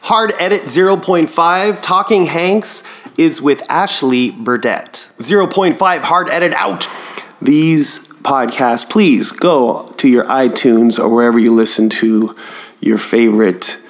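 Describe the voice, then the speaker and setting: Slow-talking hesitant male comedian. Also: mid-range voice. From Canada. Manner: hesitant, filler-heavy, friendly. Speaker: comedian podcast host. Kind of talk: casual podcast intro.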